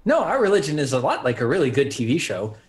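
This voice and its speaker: Lively male tabletop player. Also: on the high side, quick pace. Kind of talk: tabletop role-play.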